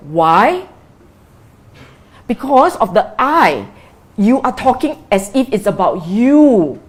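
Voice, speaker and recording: A woman's voice: mid-range voice, darkish tone. A woman teaching as a Buddhist meditation teacher in a dharma talk, repeating key phrases and asking rhetorical questions.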